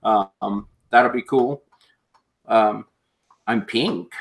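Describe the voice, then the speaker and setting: A man's voice: on the low side, very slow, gravelly. A man hosting a live auction stream, chatting casually in an easygoing, rambling way. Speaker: auction show host.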